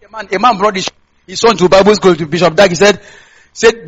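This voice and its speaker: A Nigerian pastor with a plainly Nigerian accent preaches a sermon at a brisk pace in a high, husky voice. He addresses the congregation directly, repeatedly asking questions so they respond. The audio quality is poor.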